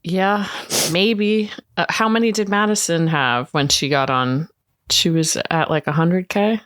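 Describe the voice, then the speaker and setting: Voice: medium pitch, measured pace, fairly bright tone, clean tone, dry recording, studio quality. A co-host of a reality show recap podcast, chatting casually with plenty of "like" fillers.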